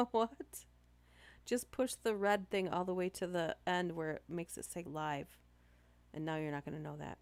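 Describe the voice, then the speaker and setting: A woman's voice: deep voice, little pitch movement, moderate pace, no echo. A young Canadian woman with a slightly nasal voice, reading scary stories aloud on a stream with chatty asides and small stumbles. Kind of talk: casual story reading on a live stream.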